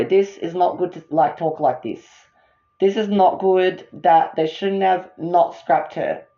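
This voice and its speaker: A woman's voice: mid-range voice, muffled recording. A woman ranting as a fan vlogger, worked up, repeating herself and apologizing for getting upset. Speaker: fan vlogger ranking songs.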